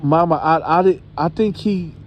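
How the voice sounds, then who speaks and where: A man's voice: on the high side, moderate pace, a little hiss or hum, voice pushed up, natural voice. A man doing a stammering scared teen girl. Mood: fearful. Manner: hesitant, stammering. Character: frightened teenage girl confessing to her grandmother.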